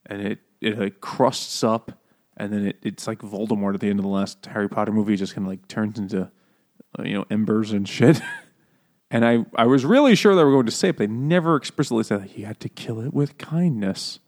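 A man's voice: on the low side, darkish tone. Joking, profane man recapping a book. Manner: joking, profane, quick asides. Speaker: podcast co-host. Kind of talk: casual chat, recapping a book.

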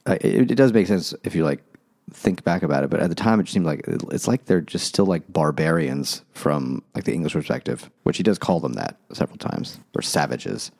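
A man's voice: very deep voice, lively intonation, brisk, gravelly, a little mellow. A man co-hosting a casual book podcast over beers, laid-back and joking, rambling with restarts. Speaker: podcast host.

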